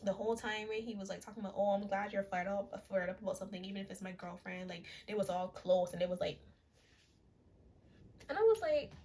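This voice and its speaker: A woman's voice: medium pitch, a little hiss or hum. Chatty young woman recapping a movie. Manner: chatty, retells scenes in quick quoted voices, laughs often.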